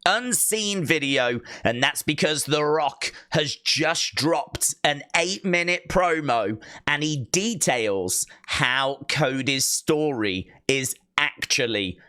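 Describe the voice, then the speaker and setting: A man hosting a wrestling news channel, recapping and paraphrasing quotes in an excited, casual way with plenty of fillers. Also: a little high, takes it slowly, hardly any pauses, no echo, studio quality.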